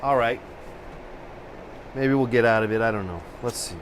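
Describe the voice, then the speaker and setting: A man's voice: medium pitch, moderate pace, slight background noise. Exasperated man ranting on a live stream. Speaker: host of a live painting stream. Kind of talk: casual live-stream chat.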